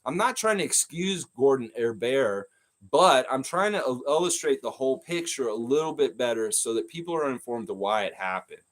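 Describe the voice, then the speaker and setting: A man hosts a casual live stream and talks at a mid pitch. He rambles in an animated way, restarting his sentences and answering the chat as he goes. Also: normal speed.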